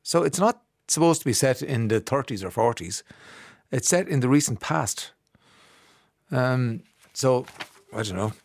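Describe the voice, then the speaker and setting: A man's voice: mid-range voice, lively intonation, unhurried, creaky, pauses often, dry recording. An Irish man hosting a radio show, chatting casually and reading out listener messages in the studio. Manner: chatty, reads texts aloud and riffs on them. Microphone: studio microphone.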